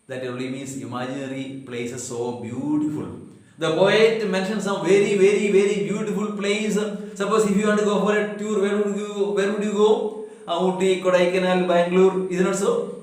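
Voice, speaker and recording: A man teaching a poem, slowly repeating and paraphrasing words and spelling them out. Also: high-pitched, steady tone, darkish tone, very echoey, poor audio. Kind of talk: explaining a poem line by line.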